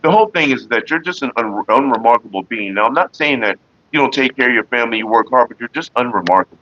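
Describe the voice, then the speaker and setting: A middle-aged man hosting a casual livestream, talking in a rambling, profane way with animated retellings. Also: mid-range voice, quick pace, highs cut off. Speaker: livestream host.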